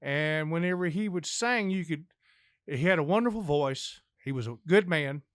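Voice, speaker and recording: A man's voice: on the high side, expressive, moderate pace, a bit bright, dry recording, clean studio sound. An older man, a podcast guest, telling long folksy jokes in a rambling storyteller's way.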